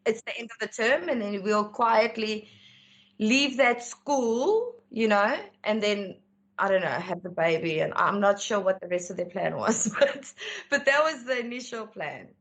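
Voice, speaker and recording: A woman telling her life story as an interview guest, candid and animated when she acts out dialogue. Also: medium pitch, unhurried. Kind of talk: personal storytelling.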